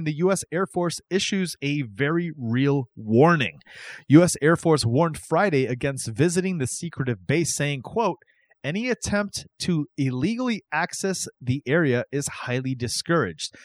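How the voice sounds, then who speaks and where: A man co-hosting a casual podcast, reading news items aloud and breaking in with excited asides. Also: medium pitch, no room sound. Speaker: podcast co-host.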